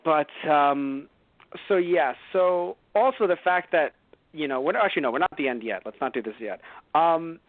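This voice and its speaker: A man with a high, lively voice rants and rambles as a podcast co-host, dropping curses into nearly every sentence. The sound is thin and phone-like, with no room around it. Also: normal speed, dry recording. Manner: animated, heavy swearing, rambling asides. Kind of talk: casual podcast chat.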